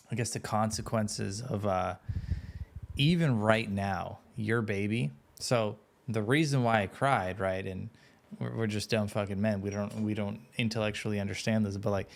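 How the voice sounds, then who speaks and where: A man's voice: lowish voice, creaky. A man in his thirties, a podcast guest, talking frankly and with self-mocking humor. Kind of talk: casual podcast chat.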